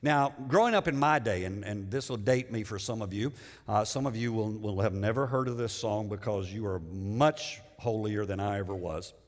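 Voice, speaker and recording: A man's voice: on the low side, moderate pace. A middle-aged man preaching a sermon in a conversational way, repeating words and putting questions to the congregation. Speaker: pastor. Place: church sanctuary. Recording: long church reverb.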